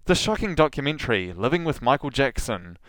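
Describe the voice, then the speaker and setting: A man's voice: mid-range voice, very animated, fairly quick, a bit bright, no echo. A man hosting a podcast, reading a scripted solo monologue full of sarcastic, mocking asides. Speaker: podcast host.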